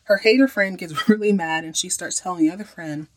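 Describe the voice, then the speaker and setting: A woman's voice: fairly low pitch, a little fast, few pauses. A woman hosting a podcast, recapping an episode in a chatty, slangy, amused way. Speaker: podcast host.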